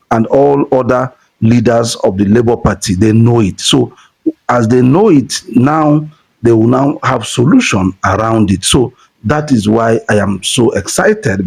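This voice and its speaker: A Nigerian man speaks in an earnest, insistent way, circling back to the same points to drive them home. His voice is gravelly with a husky edge, sitting at an ordinary pitch. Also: a little mellow. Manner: earnest, repetitive, building to emphasis. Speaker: political supporter commentator. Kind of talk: casual political commentary.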